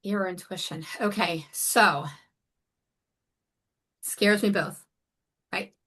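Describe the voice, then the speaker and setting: A woman's voice: medium pitch, fairly even intonation, slow, a bit bright, slightly rough. A woman life coach speaking as a guest in a conversational interview, earnest and emphatic. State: near tears.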